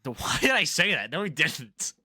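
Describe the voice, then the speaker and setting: A man's voice: on the high side, very animated, normal speed, pushed and bright, slightly rough, no room sound, clean studio sound. A young man giving casual, rambling fight predictions, swearing freely and laughing at his own jokes. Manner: rambling, profane, laughs at himself. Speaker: MMA prediction vlogger.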